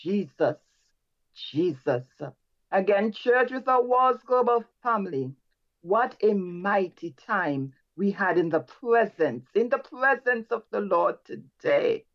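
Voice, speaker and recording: Speaking in an expressive mid-range voice, a little slowly, a woman worship leader brings a church service to its close. She urges the congregation on fervently in prayer and exhortation, repeating praise phrases between lines, though the recording is muffled.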